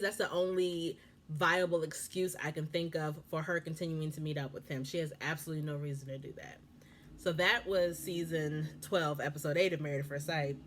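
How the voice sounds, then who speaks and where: A woman at home giving a casual, animated reality show recap, acting out quotes with exasperated asides. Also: low voice, a little hiss or hum. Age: young adult or 30s. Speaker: recap vlogger.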